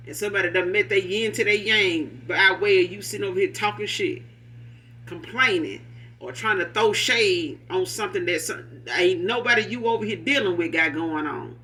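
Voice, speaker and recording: A man's voice: sits high, sharp tone. A man giving a casual, rambling tarot reading, talking in a loose, profane, street-casual way. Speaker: tarot reader.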